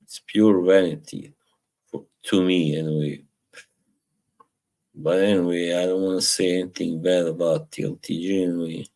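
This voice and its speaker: A man's voice: sits low, fairly even intonation, moderate pace, long pauses, a little mellow. A man hosting a casual live stream, rambling, chuckling often and reading chat aloud from home.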